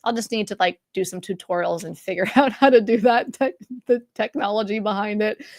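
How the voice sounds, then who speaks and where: Middle-aged woman, live-stream host, rambling casual chat, dry close mic, mid pitch. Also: no echo. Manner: chatty, rambling with many fillers and restarts. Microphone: studio mic for content creation.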